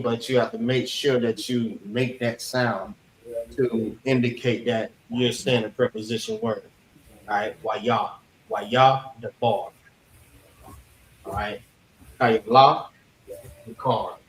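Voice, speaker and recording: A man's voice: medium pitch, a little hiss or hum. A man teaching an informal class, explaining points patiently, repeating phrases and checking that students follow. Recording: echoey room with faint ambience.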